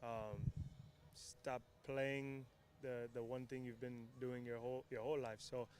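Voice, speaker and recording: Man giving halting, thoughtful answers. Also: medium pitch, flat delivery, a little mellow, slight background noise. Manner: halting, thoughtful, many restarts. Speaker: assistant coach, podcast guest. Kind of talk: interview answers.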